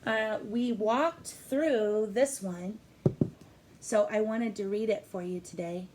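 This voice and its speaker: A middle-aged woman teacher speaking gently and encouragingly to young children in an online class, with a sing-song lilt. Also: mid-range voice, takes it slowly, noisy background.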